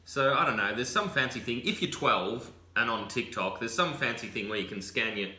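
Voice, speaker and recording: A man with an Australian accent, co-hosting a casual chat show with quick, joking banter. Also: medium pitch, expressive, bright, forceful tone, roomy sound. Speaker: co-host.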